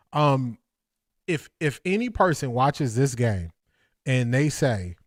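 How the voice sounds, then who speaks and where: Breathless, laughing fan streaming a watch party. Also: male voice, medium pitch, no room sound, clean studio sound. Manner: excitable, laughing, addresses viewers as y'all. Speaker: live stream host. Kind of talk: live watch-party commentary.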